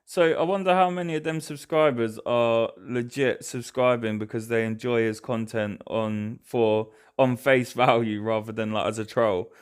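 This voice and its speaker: A man's voice: medium pitch, fairly even intonation, moderate pace, hardly any pauses, clean tone. A man hosting a reaction video, chatting casually with lots of fillers and restarts.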